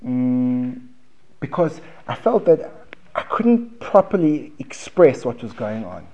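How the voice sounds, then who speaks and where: A man's voice: medium pitch, sing-song, slow, dull audio. South African man lecturing a class. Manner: conversational, repeats words and restarts, asks the room questions. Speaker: Talmud teacher. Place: basement classroom.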